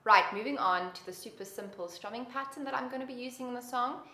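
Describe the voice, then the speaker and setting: A fast-talking woman with a slightly high voice teaches a beginner guitar lesson, counting and singing along with patient, encouraging instruction. The recording has a roomy echo, with loud guitar in the background.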